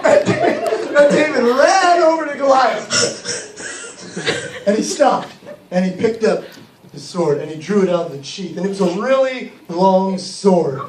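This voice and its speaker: A man's voice: high voice, big pitch swings, a little slow. A man narrating a Bible story for children in a live skit, playful and full of joking asides. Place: church hall with children. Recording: echoey hall, far mic, loud crowd and noise.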